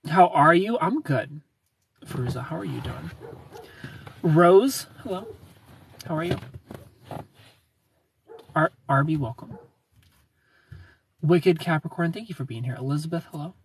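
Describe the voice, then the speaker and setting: Guy on a livestream reading out comments, kinda husky, sits a bit back from the phone. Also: on the high side, measured pace, long pauses, distant mic. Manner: greets viewers by name, relaxed and chatty. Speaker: livestream host.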